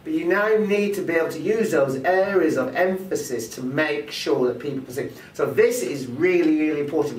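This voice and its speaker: A man teaching presentation skills who acts out vocal examples as he explains them. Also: fairly high pitch. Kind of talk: teaching with spoken demonstrations. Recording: roomy sound from a distance, faint ambience.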